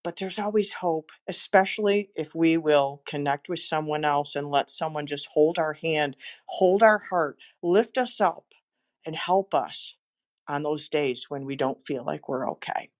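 A woman with a fairly low voice hosts a motivational podcast. She talks in an encouraging, storytelling way as she gives an inspirational talk. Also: unhurried. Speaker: motivational speaker and podcast host.

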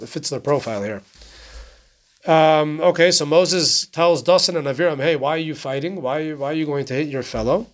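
Man, Torah teacher, casual class, slightly high voice, conversational, rhetorical questions. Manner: conversational, keeps asking "right?" and posing rhetorical questions.

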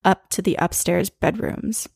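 A young woman co-hosting a podcast, recounting a ghost story in casual, animated chat. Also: mid-range voice, a little slow, creaky, breathy edge, no echo, studio quality. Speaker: podcast co-host.

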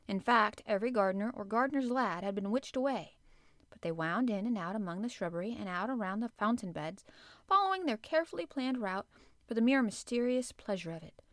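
A woman reads a storybook aloud with gentle, measured narration. Her pitch sits in the middle range. The sound is dry and close. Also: expressive, no room sound. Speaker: audiobook reader.

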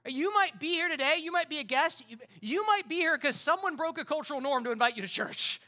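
A man preaching a sermon at a rapid clip, his voice bright and forceful. He talks conversationally, building his points through repeated phrases and pressing them home with passion. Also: very high voice, animated. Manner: impassioned, conversational preaching with rhetorical repetition. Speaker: pastor.

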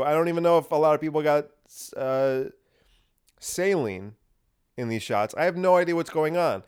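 A man's voice: on the high side, moderate pace, smooth. A man hosting a podcast, talking in a sarcastic, ranting monologue full of rhetorical questions. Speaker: podcast host. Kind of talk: opinionated monologue.

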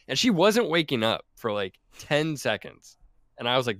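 A man's voice: medium pitch, animated, moderate pace, a bit bright, no room sound, clean studio sound. Laid-back rambling young man. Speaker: podcast regular. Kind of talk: casual storytelling.

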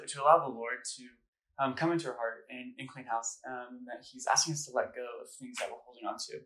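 In a low-quality recording, a mid-range male voice belongs to a campus minister addressing students live in a campus center gathering room. His faith talk is casual, earnest, and story-driven, packed with "like" and "um."

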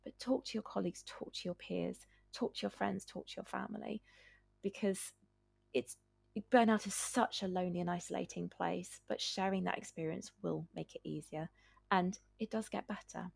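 A woman's voice: on the low side, steady tone, moderate pace, vocal fry, breathy edge, dry recording. A woman, a doctor, hosting a solo podcast and earnestly advising listeners.

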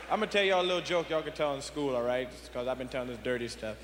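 A man's voice: mid-range voice, lively intonation, rapid-fire, few pauses. A young man doing profane stand-up comedy on a large arena stage, jumping into voices and impressions. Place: large arena stage before a live audience. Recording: echoey arena with loud crowd noise.

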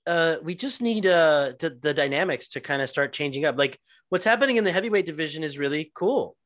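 A man's voice: on the high side, lively intonation, brisk, hardly any pauses, fairly bright tone, no room sound. A man co-hosting a casual podcast, talking in a laid-back, rambling way with fillers and swearing. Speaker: podcast co-host. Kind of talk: casual chat.

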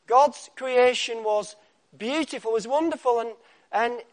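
A man preaching a sermon, with dramatic pauses and a voice that drops to a soft hush on key words. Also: high-pitched, lively intonation.

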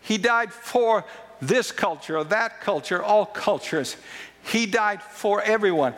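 A man with a high voice delivers a sermon from the pulpit. He presses his points hard and repeats phrases for weight. His words ring out with the long reverb of a large church hall. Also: animated, slow pace, a bit bright. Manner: emphatic preaching with repeated phrases. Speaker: pastor.

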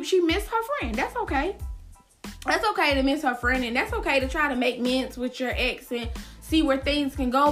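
A woman's voice: high-pitched, bright, forceful tone. A woman hosting a casual solo gossip podcast, sassy and slangy, repeating lines for emphasis. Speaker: podcast host.

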